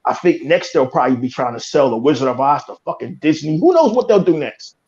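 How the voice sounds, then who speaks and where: A man's voice: on the high side, very animated, quick pace, darkish tone, highs cut off. A male podcast host in a heated, profane rant. He repeats himself and swears constantly. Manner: fiery, cursing, repeats himself.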